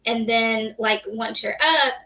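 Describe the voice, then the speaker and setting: Bright-voiced woman, a bit off-mic. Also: a little high, takes it slowly, recorded from a distance, rough recording. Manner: candid, laughs often. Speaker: guest nurse. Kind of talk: casual interview chat.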